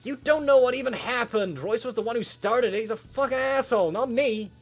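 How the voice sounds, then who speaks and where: A man's voice: fairly low pitch, very animated, moderate pace, soft background music. A man voicing a frustrated young male student, sarcastic, swearing and defensive. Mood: furious.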